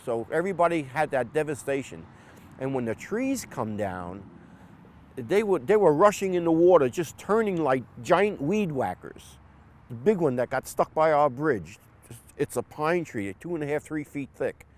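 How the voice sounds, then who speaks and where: Man, documentary interview, vivid describer, raised pitch. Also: sing-song, moderate pace, a little mellow. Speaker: local resident.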